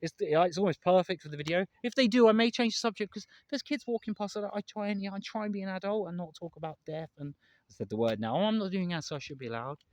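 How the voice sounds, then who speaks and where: A man's voice: high-pitched, fast, dry recording. An English man vlogging outdoors in a park, rambling and emphatic, repeating himself and swearing now and then. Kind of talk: candid vlog monologue.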